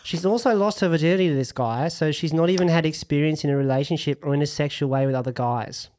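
A man's voice: a little high, quick pace, darkish tone, lightly acted. A man reading a listener's letter aloud in a put-on Australian accent, voicing a cheery but worried young woman writing in.

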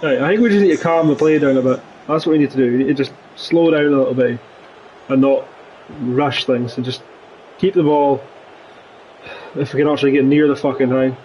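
A man's voice: mid-range voice, steady tone, a little fast, long pauses, darkish tone, lo-fi sound, a little hiss or hum. A young man commentating his football video game, ranting and swearing at the play. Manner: swears a lot, rants, voice jumps up when angry. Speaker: gaming channel host. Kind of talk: frustrated gameplay commentary.

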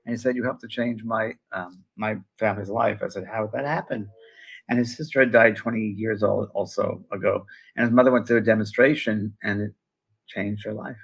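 Brief: older male co-host, rambling conversational delivery, gravelly and slightly husky tone. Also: fairly low pitch, fairly even intonation, fairly quick, low-quality recording. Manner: rambling, with many fillers and restarts. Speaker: co-host, spiritual medium. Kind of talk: casual conversational storytelling.

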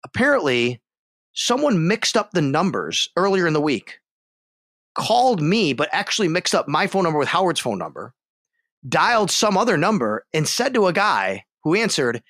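As a podcast guest, a man who hosts sports radio spins an animated story, voicing the other people in it himself. His pitch is fairly high, his pace moderate, and the studio-quality audio has no room sound.

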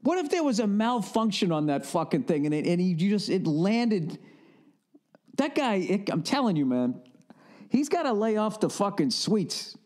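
A man's voice: sits high, sing-song, normal speed, darkish tone. A middle-aged man with a Boston accent, ranting solo as a podcast host in a casual comedic monologue, profane and laughing often. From northern United States. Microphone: studio podcast mic.

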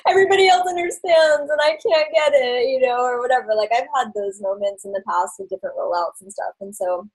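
Breathy woman hosting a team call. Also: medium pitch, darkish tone, poor audio. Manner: encouraging, frequent fillers. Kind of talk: casual pep talk.

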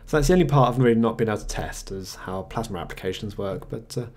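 This is a man with a lowish voice narrating a screencast software review while at his desktop computer mic. A tech reviewer, he speaks in a matter-of-fact, conversational way, with small hesitations and pauses now and then.

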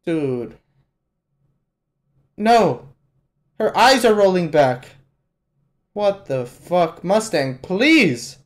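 Profane, excitable young man reacting live. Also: high-pitched, drawn-out words, pauses often. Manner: profane, excitable, yells at the screen. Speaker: reaction channel host. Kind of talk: live anime reaction commentary.

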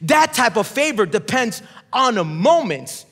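High-voiced preaching man in reverberant hall. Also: big pitch swings, measured pace, a bit bright. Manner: emphatic preaching, calls for congregation responses. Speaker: pastor. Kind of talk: sermon. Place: large church auditorium.

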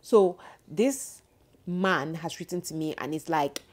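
A woman in her thirties telling a story to her viewers in a casual vlog, animated and indignant. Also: low-pitched, moderate pace. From Cameroon. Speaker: vlogger.

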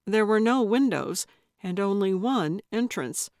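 A woman narrating a cozy mystery audiobook in measured, even storytelling on a close studio mic. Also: medium pitch, no room sound. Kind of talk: scripted narration.

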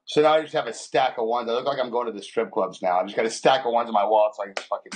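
رجل يروي القصص بصوت أجش ضاحك. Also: male voice, medium pitch, fairly even intonation, racing, slightly rough. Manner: crude, joking storyteller who swears a lot and laughs often. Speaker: podcast co-host. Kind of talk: casual chat.

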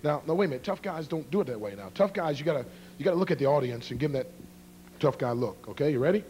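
A joking, energetic evangelist with a fairly high male voice, teasing a church congregation before a karate demonstration. He is middle-aged and talks with quick humor and showmanship. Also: a little hiss or hum. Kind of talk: humorous sermon introduction to a live congregation. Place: church before a live audience.

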